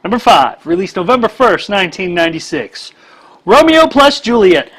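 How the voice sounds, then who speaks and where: A man's voice: high-pitched, big pitch swings, moderate pace, a bit bright. A man co-hosting a podcast, chatting casually, reading out a countdown list and teasing his co-host. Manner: playful teasing.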